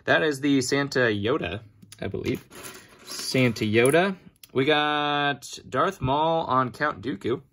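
A man's voice: medium pitch, slow pace, fairly bright tone, a little hiss or hum. A man chatting casually to his viewers as he sorts through a big toy haul, joking at his own expense as he goes. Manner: chatty, self-mocking, sorting items while talking. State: standing for a long time, back sore. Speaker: toy collector vlogger. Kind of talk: casual unboxing commentary.

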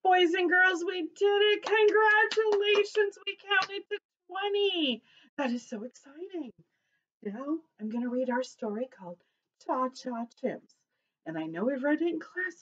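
A high, bouncy woman's voice, a preschool teacher who reads slowly and carefully to young children and leads them in chants. It sounds slightly dull and lo-fi. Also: animated, fairly bright tone. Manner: cheerful sing-song teacher voice, leads call-and-response chants. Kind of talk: reading a picture book aloud to young children.

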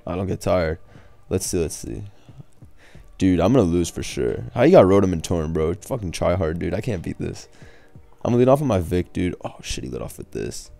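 A man's voice: sits low, big pitch swings, brisk, gravelly, warm tone. A young man casually commentating his own competitive game, laid-back, swearing and laughing as he trash-talks. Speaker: gaming streamer. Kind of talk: casual live commentary over gameplay. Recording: faint background music.

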